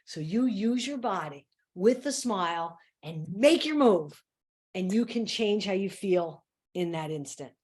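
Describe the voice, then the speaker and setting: A woman motivational speaker giving an energetic, playful talk on stress and acting out her own self-talk. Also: a little slow. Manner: lowers her voice for a mantra. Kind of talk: live online talk on stress.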